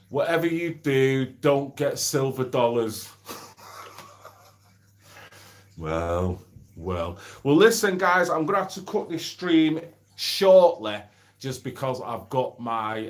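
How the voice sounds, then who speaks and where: A middle-aged man streaming from home, chatting bluntly, swearing freely and reading out viewer comments. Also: mid-range voice. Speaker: livestream host. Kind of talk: casual livestream chat.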